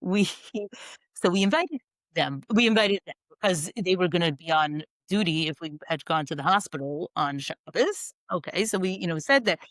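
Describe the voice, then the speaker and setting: A middle-aged woman guest telling stories in an interview, animated and quick to laugh, with many you-knows. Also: on the low side, dry recording, rough recording. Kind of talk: conversational storytelling interview.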